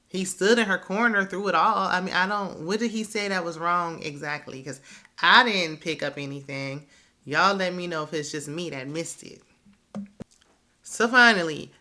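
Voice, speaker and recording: Chatty bright-voiced woman recapping TV. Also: medium pitch. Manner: chatty, opinionated, laughs often. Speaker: reality TV recap host. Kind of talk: casual recap commentary.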